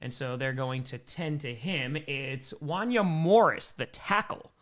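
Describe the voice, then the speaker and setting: A man doing excitable live play-by-play and reactions on a stream, reading out fan messages, a bit out of breath. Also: medium pitch, unhurried. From Wisconsin, United States. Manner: excitable, hyped, reads fan messages aloud.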